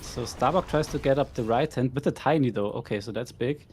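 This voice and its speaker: Calm male esports co-caster. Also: medium pitch, brisk, slight background noise. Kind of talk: live game commentary.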